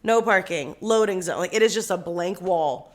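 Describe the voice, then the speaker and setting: A woman's voice: fairly low pitch, normal speed. A young woman co-hosting a podcast, telling a story in a casual chat, acting out quotes and laughing often. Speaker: podcast co-host.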